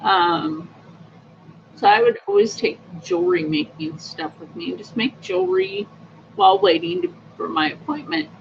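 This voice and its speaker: A woman's voice: on the high side, huge pitch swings, moderate pace, creaky. A woman hosting a casual livestream, telling personal stories in a chatty, upbeat, rambling way with many fillers. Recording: dull lo-fi audio with faint noise.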